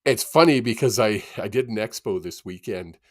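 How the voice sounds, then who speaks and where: A man hosting a casual channeling session on a video call, animated and laughing often. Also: on the low side, no room sound, clean studio sound. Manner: animated, laughs often, quick bursts of excitement. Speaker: psychic medium host.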